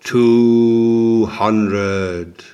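A man gives a grave old physician who speaks in a hushed, solemn way. The lines are slow and measured, never rising. It is a quiet audiobook-style character reading at a moderate pitch. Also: fairly even intonation, clean tone. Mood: counting down.

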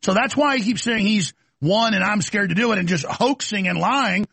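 A man's voice: high-pitched, moderate pace, creaky, fairly bright tone, husky, no room sound. A man hosting a talk show, delivering an aggressive, mocking rant. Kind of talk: combative talk show monologue.

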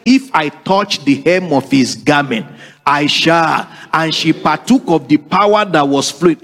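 Pastor, high lively voice, emphatic call-and-response preaching. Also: male voice. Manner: emphatic, repetitive, calls for congregation responses. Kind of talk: preaching sermon.

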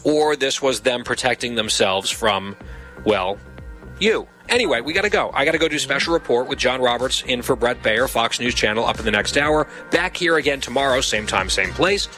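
A man's voice: mid-range voice, expressive, moderate pace, pushed and bright, soft background music, rough recording. A man hosting a radio talk show, chatting casually and teasing his guest with wry questions. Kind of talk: casual on-air banter.

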